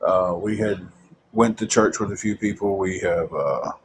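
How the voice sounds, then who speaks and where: A man's voice: sits low, a little slow, background noise. A man telling a long personal story about his faith, rambling with frequent restarts.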